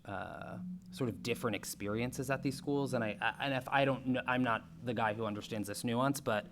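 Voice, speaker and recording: A man's voice: medium pitch, fairly quick, noisy background. A man on a school committee asking questions at a public meeting, speaking casually and hedging often. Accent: Boston.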